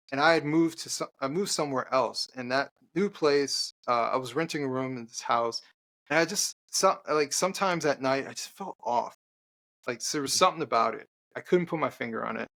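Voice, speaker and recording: A man who is an author, appearing as a podcast guest, tells an earnest personal story in conversation. He halts, restarts, and uses fillers, and his mid-range voice has a fairly bright tone.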